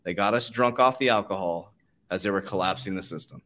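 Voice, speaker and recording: A man's voice: sits low, fairly quick, sharp tone. A man hosting a casual podcast conversation, talking in a fired-up, profane, motivational way and laughing often. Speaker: podcast host.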